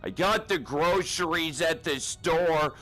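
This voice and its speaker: A man's voice: a little high, takes it slowly, fairly bright tone, soft background music, rough recording. A man playing a timid, whiny recruit in a comedy spoof, stammering and pleading nervously.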